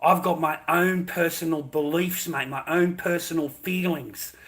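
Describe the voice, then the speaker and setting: An Australian man with a slightly high-pitched voice rants on a livestream. He talks in a combative, profane way and throws questions straight at his viewers. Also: fairly even intonation, a little slow, fairly bright tone. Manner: angry, profane, combative, addressing viewers directly. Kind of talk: livestream rant to chat.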